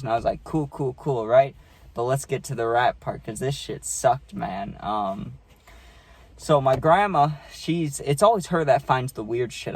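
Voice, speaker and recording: A man's voice: medium pitch, a little mellow, no echo. A man telling a story from his childhood to camera in a loose, profane way, full of fillers and "right?" tag questions. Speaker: vlogger. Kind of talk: casual storytime.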